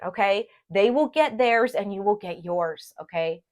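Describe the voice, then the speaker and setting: A woman giving a casual tarot reading to her viewers, chatty and animated, checking in with them often. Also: mid-range voice, unhurried. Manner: chatty and animated, addresses viewers as "you guys", frequent "okay?". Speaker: tarot reader.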